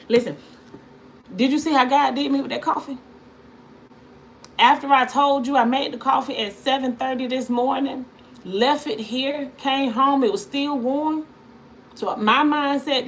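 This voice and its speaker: Animated woman telling stories on a live. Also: high voice, moderate pace, slight background noise. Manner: animated storytelling, repeats phrases, talks to viewers. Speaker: tarot reader livestream host. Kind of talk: casual livestream chat.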